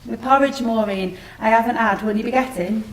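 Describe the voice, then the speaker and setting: A woman's voice: fairly high pitch, fairly quick, reverberant, natural voice, poor audio. A woman playing a frail, needling elderly mother who talks in a plaintive, wheedling way, in a theatre studio.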